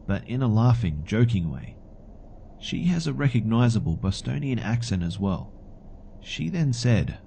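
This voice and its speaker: A man telling a first-person horror story in scripted narration, calm and matter-of-fact. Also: medium pitch, normal speed, vocal fry, a little hiss or hum.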